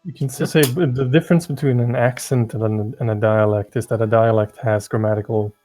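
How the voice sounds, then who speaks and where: A man who runs tabletop games, chatting casually and explaining things in a measured way, repeating words as he searches for the right one. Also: medium pitch, steady tone, dark tone, faint music behind. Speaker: game master. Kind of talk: casual chat.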